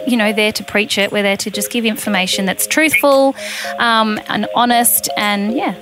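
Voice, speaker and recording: A woman's voice: medium pitch, steady tone, normal speed, fairly bright tone. An Australian woman, co-author and co-host, chatting with enthusiasm in a podcast interview.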